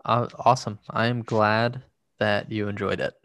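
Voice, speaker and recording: A man co-hosting a podcast, chatting in a relaxed, agreeable way. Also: lowish voice, normal speed, no echo. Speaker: podcast co-host. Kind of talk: casual chat.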